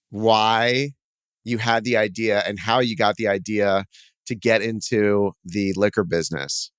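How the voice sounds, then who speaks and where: A male podcast host speaks in a relaxed, conversational way. His voice is smooth and clear at an ordinary pitch. The close, dry recording has no room sound. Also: no room sound. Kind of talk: casual interview chat.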